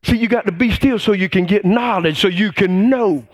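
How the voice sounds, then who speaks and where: Man, pastor, sermon, high voice, shouted exclamations, call-and-response, drawn-out phrases.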